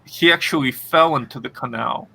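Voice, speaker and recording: A man talks casually as a podcast co-host, his voice bright and forceful. He stops and restarts often, leaning on fillers. A faint hiss sits under the recording. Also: mid-range voice, gravelly. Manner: halting, many fillers and restarts. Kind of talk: casual chat.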